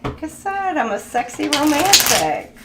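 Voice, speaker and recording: A woman's voice: high voice, big pitch swings, a little slow. A woman giving a casual tarot reading, chatty and thinking aloud, laughing as she goes. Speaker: tarot reader. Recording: echoey room with background noise.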